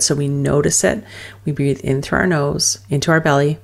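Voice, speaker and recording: Low-voiced woman coaching calmly. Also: normal speed, creaky. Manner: soothing, speaks in loose fragments with many fillers. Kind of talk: guided wellness teaching.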